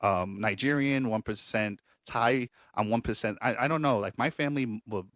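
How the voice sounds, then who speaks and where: A man's voice: medium pitch, moderate pace, a bit bright, no echo, studio quality. A man hosting a casual quiz show podcast, joking and swearing as he reads out the questions. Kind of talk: casual game show chat.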